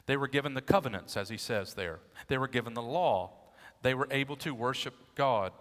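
A man's voice: medium pitch, fairly quick, a bit bright. A man preaching an expository sermon, teaching emphatically and asking his listeners rhetorical questions. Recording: long hall reverb.

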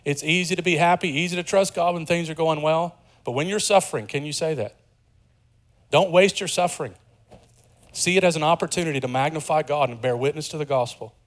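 A man preaching a sermon as pastor, earnest, dropping to a hush and then rising with emphasis. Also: a little high, brisk. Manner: earnest, swings from hushed to emphatic.

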